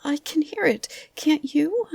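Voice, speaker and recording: A woman doing Piglet, a squeaky frightened little pig. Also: expressive, unhurried, creaky, dry recording, heavily acted. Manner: squeaky panicked stammering. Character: small timid frightened male piglet.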